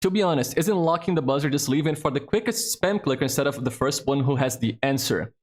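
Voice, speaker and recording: A man's voice: on the high side, expressive, quick pace, a little mellow. A man hosting a trivia game on a live stream, chatty and casual, swearing freely as he thinks aloud.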